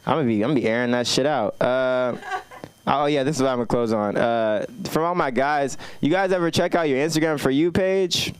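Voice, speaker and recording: A man's voice: fairly quick, smooth, no echo. A man doing a casual, profane stand-up set on a comedy club stage and hosting the open mic. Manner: casual, profane, acts out phone calls in high voices. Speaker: stand-up comic and host.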